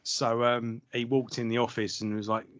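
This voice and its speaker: A man's voice: mid-range voice, flat delivery, normal speed, fairly bright tone, dry recording. A man co-hosting a podcast, telling stories in a sweary, chatty way with plenty of laughter. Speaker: podcast co-host. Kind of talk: casual chat. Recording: dry, slightly dull lo-fi sound.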